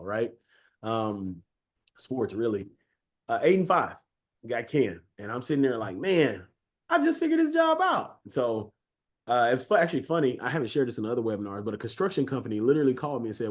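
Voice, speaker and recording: Man, 30s, webinar presenter, quick casual storyteller who acts out quotes, mid-range voice. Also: medium pitch. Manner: casual and self-mocking, addresses listeners directly.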